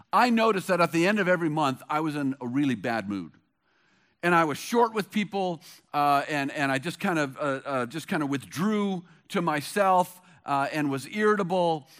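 A man's voice: high voice, fairly bright tone. A middle-aged male pastor preaching a sermon, telling stories conversationally and pushing hard on key points. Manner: conversational storytelling with bursts of emphasis.

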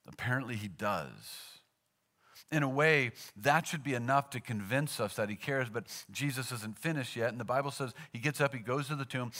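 A man preaching a sermon, reading scripture and explaining it, swinging from loud emphatic peaks to soft low asides. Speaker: pastor.

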